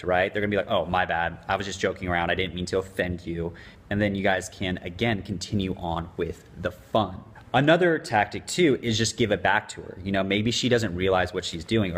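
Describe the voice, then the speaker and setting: A young man talking casually as a dating coach, now and then acting out short quoted lines in a sharper voice. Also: low voice. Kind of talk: casual advice monologue.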